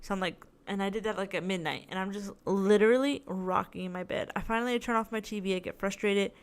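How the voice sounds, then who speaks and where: A woman's voice: mid-range voice, fairly even intonation, quick pace, clear, resonant tone. A young woman hosting her own podcast, telling a long story in a rambling, chatty way, tired and in tooth pain. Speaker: podcast host. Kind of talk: casual solo podcast chat.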